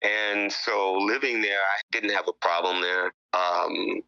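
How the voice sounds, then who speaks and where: A man's voice: sits low, fairly even intonation, slow, bright, forceful tone, clear, resonant tone, dry recording, highs cut off. An older man from Chicago, a rock musician, talking frankly and bluntly in an interview, with casual swearing. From Chicago, USA. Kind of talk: candid interview talk.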